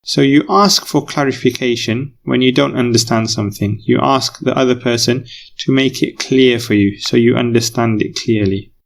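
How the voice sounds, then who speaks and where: Male English teacher, patient, repeats himself, gravelly mid-pitched voice. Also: steady tone, normal speed, slight background noise. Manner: patient, repeats key phrases. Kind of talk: recorded lesson explanation.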